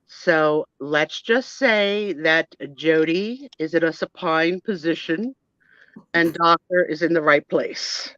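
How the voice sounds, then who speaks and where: A woman's voice: low-pitched, takes it slowly, a bit bright, no room sound. A woman hosting a live stream, telling a playful doll story with chatty, self-mocking asides. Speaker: host. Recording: dull lo-fi dry sound.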